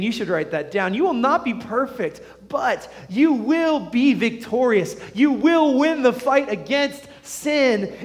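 A male pastor preaching a sermon, swinging from loud fervent urging to hushed earnest pleading. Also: a little high. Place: church sanctuary. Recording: long hall reverb.

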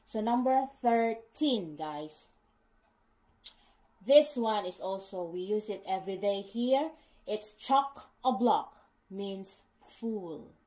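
A woman's voice: medium pitch, lively intonation, slow, warm tone, low-quality recording. A middle-aged woman explaining slang to her viewers in casual speech, repeating herself patiently and calling them guys, with non-native English phrasing. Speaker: vlogger teaching British slang.

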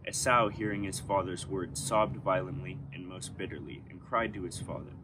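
A man's voice: low-pitched, normal speed, few pauses, noisy background. A man reading a passage of scripture aloud as a story for a church service. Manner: storytelling delivery. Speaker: scripture reader.

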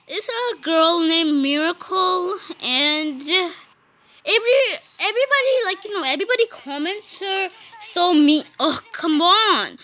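A woman doing casual gameplay commentary, giggly and excitable, saying "beep" to bleep herself out. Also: very high voice, a little slow, a little hiss or hum. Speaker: gaming YouTuber.

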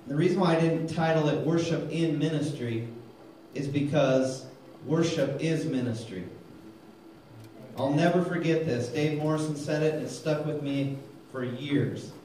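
A man preaching a lively sermon, calling for amens and telling jokes, recorded in a church hall. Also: fairly high pitch, slight background noise. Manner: energetic, calls for amens, tells jokes. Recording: very echoey hall, mic far off.

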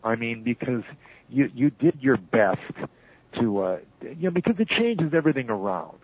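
An older man, a retired wrestling referee, telling animated stories in an interview and acting out the lines he quotes. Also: mid-range voice, normal speed, husky, no room sound. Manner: animated storyteller who acts out shouted quotes. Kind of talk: storytelling interview. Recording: tinny phone line.

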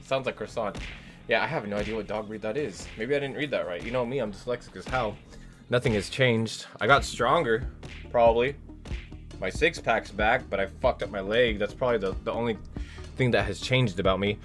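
A young man streaming a game in casual chat, swearing often, reading chat aloud and yelling at teammates while sore from a hurt leg. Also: on the low side, unhurried, pauses often, faint music behind. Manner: profane, chatty, reads chat aloud and shouts at teammates.

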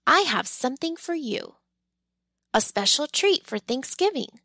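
A woman's voice: high-pitched, sing-song, a little slow, creaky, pushed and bright, no room sound, exaggerated voice. A woman voicing a kind, cheerful middle-aged food cart man in a storybook reading, friendly and generous.

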